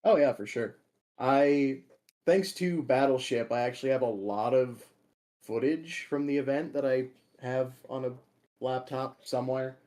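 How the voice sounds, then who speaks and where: A man's voice: medium pitch, a little slow, a little mellow. A young man from Minnesota, co-hosting a podcast, telling stories in a rambling casual way and laughing often. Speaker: podcast co-host and tournament player. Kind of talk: casual chat.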